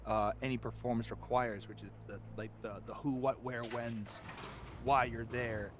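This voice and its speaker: A man's voice: mid-range voice, steady tone, moderate pace, noisy background. A voice actor talking casually in a stream interview, explaining his craft thoughtfully with frequent restarts. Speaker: voice actor guest.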